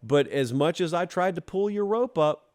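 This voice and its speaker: A man from Georgia hosting a college football show, talking straight to the fans in a teasing, animated monologue. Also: a little high, moderate pace. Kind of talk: casual opinion monologue.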